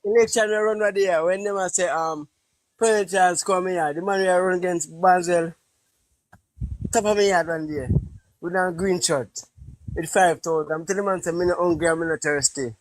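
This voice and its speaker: A man with a Jamaican Patois accent and a high-pitched voice recounts a story on a call-in show, animated and direct. His voice is dry and close, with no room sound. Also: moderate pace, no echo, rough recording.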